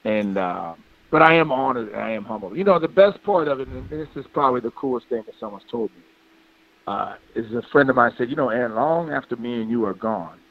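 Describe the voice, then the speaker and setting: A man's voice: mid-range voice, animated, a little fast, vocal fry. A man calling in as a guest, speaking in a humble, heartfelt way. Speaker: guest, former football player. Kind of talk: interview by phone. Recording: tinny phone line.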